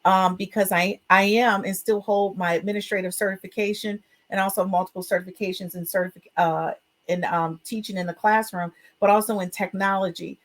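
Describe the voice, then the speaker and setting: A woman with a mid-range voice and a fairly quick delivery hosts an education podcast. Casual and chatty, she sounds upbeat, expressive, and emotional, using frequent fillers.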